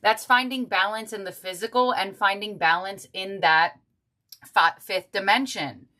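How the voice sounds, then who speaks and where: A woman's voice: mid-range voice, measured pace, sharp tone. A woman giving a casual tarot reading, chatty and heartfelt, thinking aloud as she goes. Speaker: tarot reader.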